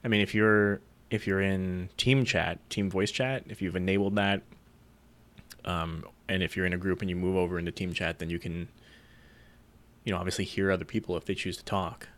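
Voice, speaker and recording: A man's voice: deep voice, steady tone, normal speed. A man co-hosting a casual gaming chat show, laid-back and dry, laughing easily. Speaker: podcast co-host.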